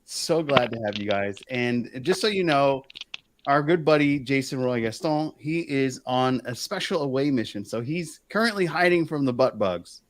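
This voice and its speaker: A man's voice: mid-range voice, animated, moderate pace, slight background noise. A man hosting a casual podcast chat with friends, mixing a theatrical intro with easygoing banter. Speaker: podcast host.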